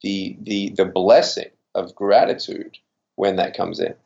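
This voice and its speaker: A man's voice: low-pitched, fairly even intonation, a little slow, vocal fry, darkish tone, dull audio. A man with a slightly Americanized Australian accent, speaking earnestly and with animation as an interview guest. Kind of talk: interview conversation.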